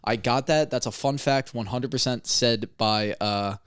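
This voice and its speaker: A man's voice: medium pitch, unhurried, a bit bright, clean tone, no room sound, studio quality. A young man co-hosting a casual comedy podcast, talking loosely and offhand. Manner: loose, offhand, says "like" a lot. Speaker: podcast co-host.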